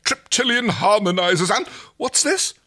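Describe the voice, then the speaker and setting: A man's voice: fairly low pitch, wildly swooping pitch, normal speed, sharp tone, no room sound, clean studio sound, exaggerated voice. A man voicing a pompous royal alien ruler in a haughty, grandly theatrical manner. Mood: delighted.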